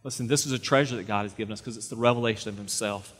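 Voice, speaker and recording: A man's voice: on the low side, rapid-fire, fairly bright tone. Conversational male pastor in a reverberant hall. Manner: conversational, repeats words, rises to emphatic peaks. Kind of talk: sermon.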